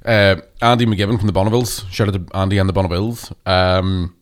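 A man's voice: sits low, flat delivery, fast talker. A man with a Northern Irish accent hosting a comedy podcast, rambling, sweary and self-mocking. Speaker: podcast host. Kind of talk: casual comedy chat.

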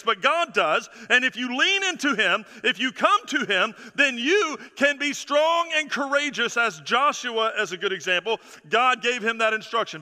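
A male pastor preaches with a high, piercing, sharply bright voice that rings through a large, reverberant church. He leans hard on repetition, stacking phrase after phrase, then sinks low and quiet to let a point land. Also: lively intonation, normal speed. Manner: emphatic preaching with repeated phrases, dropping soft and low for effect. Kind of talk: sermon. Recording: long reverb of a large hall.

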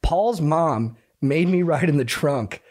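A man's voice: on the high side, takes it slowly. A man co-hosting a podcast, telling stories in casual chat and often laughing as he talks. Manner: animated, laughing through stories. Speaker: podcast co-host.

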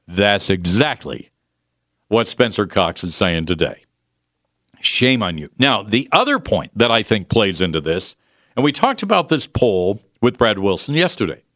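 A man's voice: medium pitch, no echo. Radio host guy ranting, sarcastic, voice swings up and down a lot, dry studio sound. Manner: combative, sarcastic, mocking imitations. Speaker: radio talk show host. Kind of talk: political talk radio monologue.

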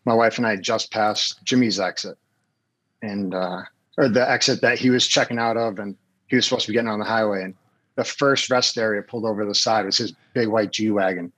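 A man telling relaxed anecdotes in casual chat, with fillers and asides. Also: fairly low pitch, fairly quick, poor audio. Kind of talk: casual storytelling.

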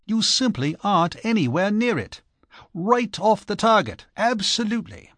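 A man voicing a cheerful young English gentleman who chatters in breezy upper-class slang. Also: on the high side, very animated, measured pace, no room sound, clean studio sound, exaggerated voice. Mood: cheery.

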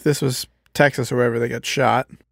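A man joining a casual chat and reflecting thoughtfully on what others have said. His voice sits at an everyday pitch with a gravelly, creaky edge. The sound is close and dry. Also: little pitch movement, fast, no echo. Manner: thoughtful, explains others' behavior. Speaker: podcast co-host.

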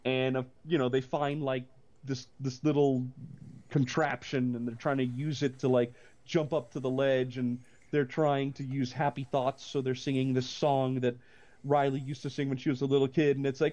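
A man, possibly middle-aged, co-hosting a casual movie chat, rambling with many restarts and breaking into animated rants. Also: medium pitch, normal speed. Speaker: podcast co-host.

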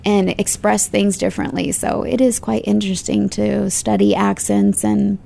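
A woman actress talking about her work in an interview, chatty and expressive, laughing easily. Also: medium pitch, normal speed, gravelly. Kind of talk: casual interview conversation.

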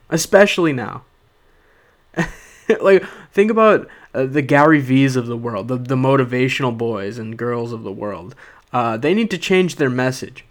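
A man's voice: medium pitch, unhurried. A young man, a stand-up comedian, delivering a rambling, sarcastic comic monologue to his podcast listeners. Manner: rambling, sarcastic, with frequent "uh" and "okay?".

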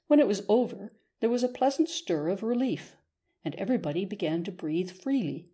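A woman narrating a classic novel as an audiobook reader, in a measured storytelling manner. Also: medium pitch, lively intonation, warm tone, breathy edge. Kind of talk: scripted narration.

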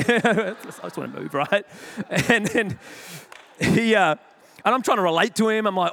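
A man, preaching a sermon. He tells stories in an animated, jokey, self-deprecating way, with sudden loud bursts. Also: fairly high pitch, moderate pace, creaky. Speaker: pastor. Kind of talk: sermon with storytelling. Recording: long hall reverb.

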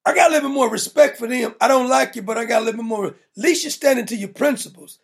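A man's voice: very high voice, fast talker, creaky, husky. A man hosting a political commentary show, mocking and blunt, laughing at his own jokes. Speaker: show host.

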